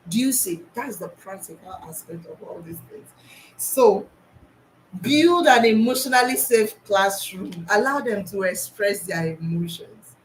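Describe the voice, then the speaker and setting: A woman's voice: mid-range voice, expressive, a little slow, a little hiss or hum, rough recording. A woman school psychologist, talking earnestly to teachers about classroom practice, often restarting and repeating her points.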